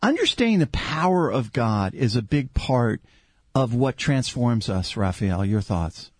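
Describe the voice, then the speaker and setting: A man's voice: medium pitch, sing-song, a little slow, no room sound, studio quality. A man hosting a Christian talk show, preaching with fervor and asking guests questions. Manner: fervent, builds to shouted praise. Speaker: host.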